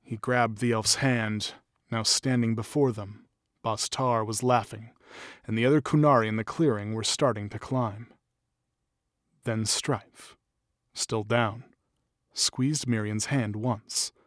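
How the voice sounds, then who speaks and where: A man's voice: on the low side, fairly even intonation, slow, no echo. Man reading a fantasy story, dry. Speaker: audiobook narrator.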